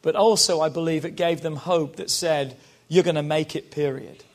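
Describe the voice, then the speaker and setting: A man's voice: fairly high pitch, steady tone, normal speed. A British man preaching as a pastor, rousing and calling on the congregation to repeat lines after him. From Britain. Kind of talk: sermon.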